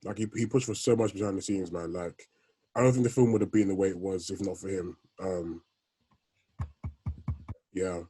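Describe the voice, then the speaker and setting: A man co-hosting a podcast, chatting casually and halting, repeating words before landing his point. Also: low-pitched, fairly even intonation, warm tone, slightly rough. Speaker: podcast co-host. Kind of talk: casual chat.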